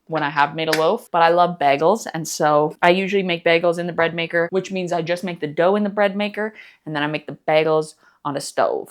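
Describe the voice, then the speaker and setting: A woman's voice: low voice, steady tone, fairly quick. A woman vlogging casually in her home kitchen, goofy and rambling as she jokes through a recipe. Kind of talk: casual cooking vlog.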